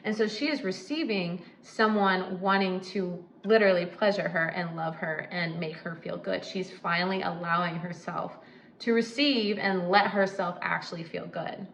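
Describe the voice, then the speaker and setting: A woman's voice: on the low side, normal speed, fairly bright tone, reverberant, slight background noise, poor audio. A woman talking casually and emphatically to the camera as host, with frequent asides and light laughs. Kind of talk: casual advice talk.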